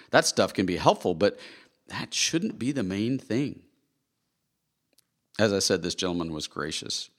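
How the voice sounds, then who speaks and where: A man reading his own nonfiction book aloud in an earnest, conversational storytelling way. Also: low voice. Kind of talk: scripted audiobook narration.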